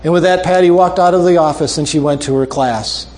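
A male preacher closing a sermon with a story, making earnest, repeated appeals and dropping soft and low for emphasis. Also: a little fast, a little hiss or hum.

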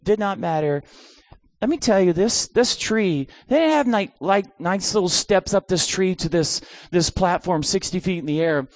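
A middle-aged man preaching a sermon, telling a comic story with animated delivery. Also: high-pitched, normal speed, no echo, studio quality.

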